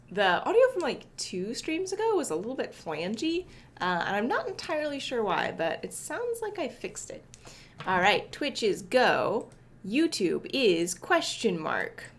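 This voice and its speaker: A young woman runs a casual coding livestream from her apartment, chatty and self-correcting, greeting viewers by name and sounding a little sniffly from allergies. Her slightly high voice swings hugely in pitch at a normal speed, and a little hiss or hum is audible.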